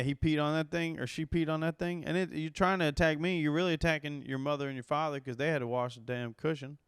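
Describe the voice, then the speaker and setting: Man, comedian host, casual profane storytelling, smooth voice, middle pitch. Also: no room sound, studio quality. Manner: rambling, profane, gets worked up.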